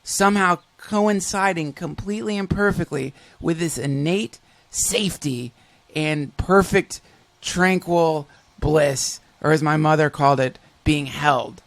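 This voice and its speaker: Guy hosting a podcast, raspy fry in his voice, swears a lot, animated. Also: a little high, measured pace, no echo. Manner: profane, animated storytelling. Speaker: podcast host. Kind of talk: casual conversation.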